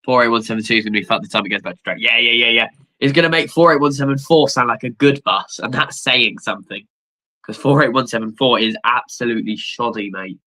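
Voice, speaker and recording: Young man, bright forceful voice, rambling livestream chat, excitable, casual swearing. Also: medium pitch, quick pace, poor audio. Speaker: livestream host.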